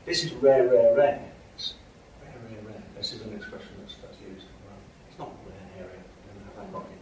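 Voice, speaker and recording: A man's voice: fairly low pitch, a little fast. A man giving a university lecture, explaining with frequent checks like "okay?" and "right?". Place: lecture hall. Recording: echoey hall from far off, faint noise.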